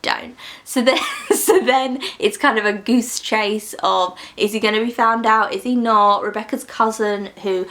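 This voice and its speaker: A woman's voice: on the high side, unhurried. Brief: a chatty woman from the UK ranting playfully through a book review. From United Kingdom. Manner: animated, ranty, laughs between points.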